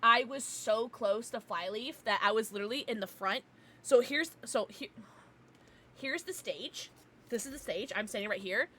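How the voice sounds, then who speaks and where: A woman streamer chatting casually with her live chat, giggly and playful, teasing with sudden loud outbursts. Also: on the high side, moderate pace, husky. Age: adult, parent. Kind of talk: casual livestream chat, reading chat.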